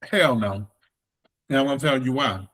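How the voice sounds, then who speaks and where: A man's voice: mid-range voice, normal speed, a bit bright. A man with a Northern US accent hosting a podcast, blunt and emphatic in casual recap chat. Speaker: podcast host.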